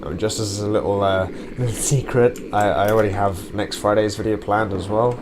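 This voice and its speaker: A young man hosting his own gaming channel, rambling chattily while playing and shouting curses at the game. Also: on the low side, fairly even intonation, normal speed, background noise. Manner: swears and yells at the game; chatty and rambling between outbursts. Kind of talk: gameplay commentary.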